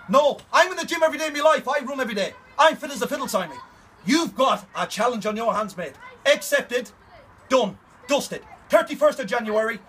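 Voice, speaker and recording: A man's voice: sits high, fairly bright tone, slight background noise. An adult man issuing a fight challenge in a confrontational video message, taunting and aggressive, repeating himself to drive points home. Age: adult, older than 21.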